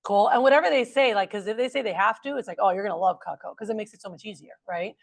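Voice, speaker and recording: A woman's voice: fairly high pitch, fast, dry recording. A woman training a group of new salespeople, upbeat and chatty, often calling them "you guys". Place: meeting room with a large group.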